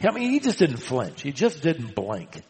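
A man preaching a sermon, swinging from loud emphatic lines to hushed, quiet ones. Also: mid-range voice, wildly swooping pitch, moderate pace, in a large hall, low-quality recording. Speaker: pastor.

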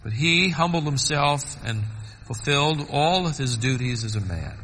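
A man preaching a sermon, swinging between soaring emphatic peaks and quiet low asides. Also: lively intonation, moderate pace, long reverb tail, a little hiss or hum, rough recording.

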